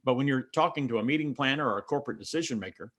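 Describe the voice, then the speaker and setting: A man's voice: medium pitch, very fast, a bit bright. A man from the mountains of North Carolina with a Southern accent, coaching speakers step by step and telling personal stories in a folksy, emphatic way. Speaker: speaker coach answering questions. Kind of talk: teaching Q&A and personal storytelling.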